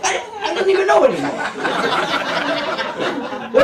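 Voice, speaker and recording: In an echoey comedy club, with the mic heard from afar and audience noise around, a Brooklyn, New York comic in his 50s delivers streetwise stand-up and frequently checks in with the crowd. His very high voice swoops wildly in pitch, fairly quick but with frequent pauses.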